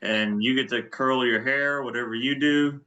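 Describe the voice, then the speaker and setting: A man's voice: mid-range voice, steady tone, normal speed, pushed and bright, lo-fi sound. A man co-hosting a podcast in easygoing, amused casual chat. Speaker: podcast co-host.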